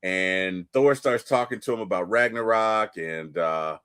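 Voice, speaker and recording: A man chatting casually about a movie, retelling scenes and acting out characters in quick asides. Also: lowish voice, a bit bright, smooth, no room sound. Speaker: podcast co-host.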